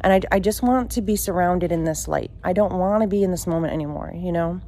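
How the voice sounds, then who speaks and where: Casting: adult woman, low-pitched voice, personal storyteller, halting and emotional delivery with frequent fillers. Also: warm tone.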